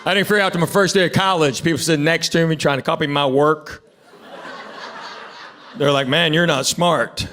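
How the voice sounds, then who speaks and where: A man's voice: fairly high pitch, steady tone, brisk, pauses often, a bit bright. A middle-aged man with a Southern American accent doing a stand-up comedy set on a club stage, with a laid-back drawl and wry self-deprecating asides. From Southern United States. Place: comedy club stage before a live audience. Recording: roomy live club sound with crowd noise. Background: audience laughter.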